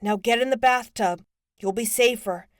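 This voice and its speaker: A woman's voice: fairly high pitch, moderate pace, dry recording, clean studio sound, close to an everyday voice. A woman voicing a teenage boy who gives urgent, commanding instructions over the phone.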